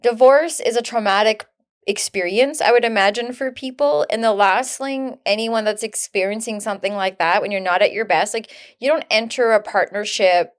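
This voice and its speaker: A woman's voice: fairly high pitch, normal speed, smooth. A woman hosting a podcast, chatting casually and reacting with blunt, joking, slangy remarks. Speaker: podcast host. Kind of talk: casual chat.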